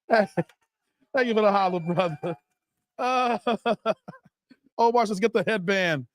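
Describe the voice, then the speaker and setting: A man's voice: high voice, slow pace. A man hosting a live stream, joking and laughing while reading chat aloud. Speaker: livestream host.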